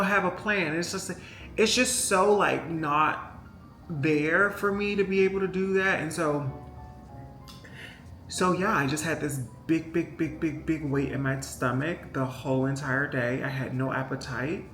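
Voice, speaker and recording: A woman vlogger tells a story in a casual, rambling, emotional way, full of fillers and asides to her viewers. Her voice is low and a bit bright, and the echoey room has faint music behind her.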